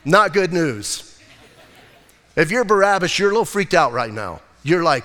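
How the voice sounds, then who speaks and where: A male pastor preaching in a church with long hall reverb. His voice sits a bit high for a man. He tells the scripture story in a loose, lively, chatty way. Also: normal speed. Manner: casual, animated Bible storytelling. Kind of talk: sermon. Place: church sanctuary.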